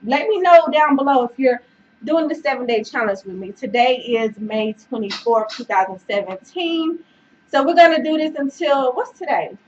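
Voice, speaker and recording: A fitness vlogger speaks at normal speed in a high-pitched but darkish voice, chatty and supportive toward the camera, heavy on fillers and fond of "y'all" and "child." She's out of breath at times, and the distant mic gives a dull, faintly noisy sound.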